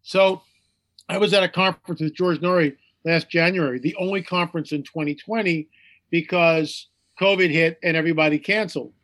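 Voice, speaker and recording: A man with a notably high-pitched voice speaks as an interview guest. He talks emphatically, hammering home repeated phrases and slipping into mocking voices when he quotes others. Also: steady tone, brisk, fairly bright tone. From United States. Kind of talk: animated interview talk.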